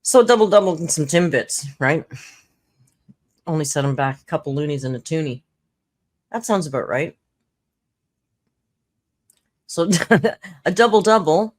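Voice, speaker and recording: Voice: medium pitch, lively intonation, normal speed, pauses often. A host from Southern Ontario, casually chatting, giggling and explaining slang. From Southern Ontario, Canada. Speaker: reaction channel host. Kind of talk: casual commentary.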